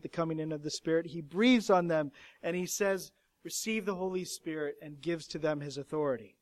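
High-pitched man preaching expressively. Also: no room sound. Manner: expressive, swings from hushed to emphatic. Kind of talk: sermon.

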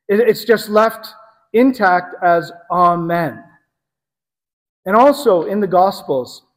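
A man preaching a sermon to a congregation in a conversational teaching manner, pausing to correct himself. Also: high voice, long reverb tail, rough recording.

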